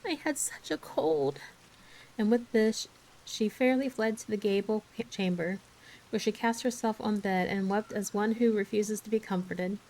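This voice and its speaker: A woman narrating a classic novel in a soft, even storytelling manner for an ASMR book reading. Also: medium pitch, moderate pace, poor audio. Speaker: ASMR reader.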